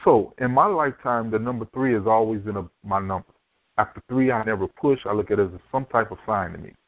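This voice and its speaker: Over a dry, tinny line that sounds like a phone, a Miami, Florida man speaks quickly in a fairly low voice with no room sound. An author and speaker appearing as a podcast guest, he recounts his life and acts out the dialogue of those in it.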